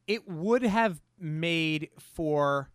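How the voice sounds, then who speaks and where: A chatty, opinionated co-host rambles through a film review. The voice swoops around with very lively pitch. It is recorded close and dry, with no room sound. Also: very slow, no room sound. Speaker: podcast co-host. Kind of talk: casual film-review chat.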